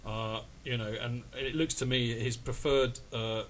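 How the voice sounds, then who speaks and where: A man's voice: medium pitch, fairly even intonation, a little slow, fairly bright tone, slight background noise. A man hosting a casual football fan podcast, chatty and rambling, with many restarts and fillers. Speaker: podcast host.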